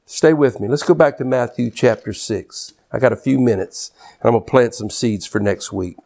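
A man's voice: medium pitch, moderate pace, gravelly, warm tone. A man preaching a sermon, quoting scripture and calling out to his listeners to stay with him. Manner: exhorting, scripture-quoting, calls out to congregation.

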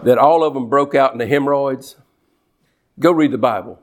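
A male preacher, delivering a lively sermon and mimicking complainers in whiny voices. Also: mid-range voice, normal speed. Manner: animated, mocks worriers in whiny put-on voices.

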